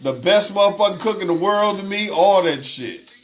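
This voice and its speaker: A man's voice: high voice, animated, moderate pace. A man hosting a casual livestream, reading chat aloud, swearing freely and laughing often. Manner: profane, laughs often, repeats himself.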